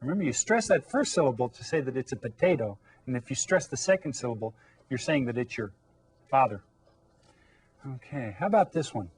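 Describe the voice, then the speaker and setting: A man teaching an elementary Spanish lesson on video, quizzing young pupils and repeating Spanish words slowly for them to follow. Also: mid-range voice, darkish tone, breathy edge. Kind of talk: recorded classroom lesson for children.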